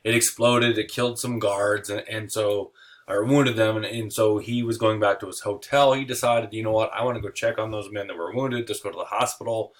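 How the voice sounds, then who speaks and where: A man teaching history in a casual, jokey lecture, acting out nations in quick voices. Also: fairly low pitch, steady tone.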